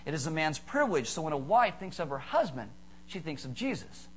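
A middle-aged man preaching a sermon as a pastor, animated and joking, acting out small stories and voices. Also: on the high side, fairly quick, slightly rough, rough recording.

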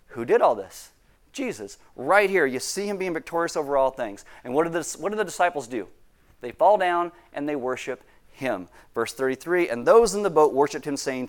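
A man preaching a sermon as pastor, animated and acting out quoted voices with big leaps in pitch.

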